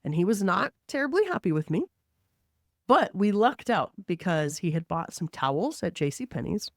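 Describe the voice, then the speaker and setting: A woman who works as a mortgage lender, telling a work story in an animated, conversational way and acting out the quotes. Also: fairly low pitch, moderate pace, no echo, studio quality.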